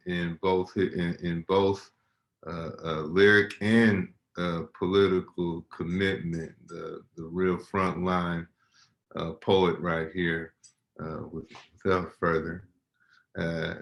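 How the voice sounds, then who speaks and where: A man introducing the next poet, halting and full of pauses. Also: sits low, fairly bright tone, low-quality recording. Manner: halting, many fillers and restarts.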